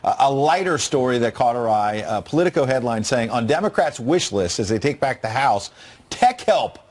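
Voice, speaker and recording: A man's voice: mid-range voice, lively intonation, fairly quick. A man co-hosting a morning show, chatty and jokey with a guest. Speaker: news show co-host. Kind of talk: conversational TV hosting.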